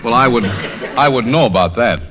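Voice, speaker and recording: A man hosting a scripted radio comedy show, trading brisk, playful jokes. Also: medium pitch. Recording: hissy 1930s radio broadcast.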